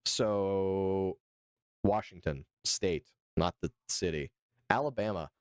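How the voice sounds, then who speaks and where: Streaming live from Georgia, a man riffs on the news and banters with his audience, jokey and mock-indignant as he talks directly to chat. He speaks in a lowish, unhurried voice, captured in clean studio sound with no echo.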